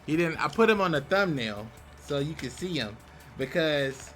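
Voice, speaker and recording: Bright-voiced young man, laid-back chatter. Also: fairly high pitch, moderate pace, faint music behind. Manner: relaxed, chatty, with sudden excited outbursts. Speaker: YouTube host. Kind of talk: casual commentary while opening game card packs.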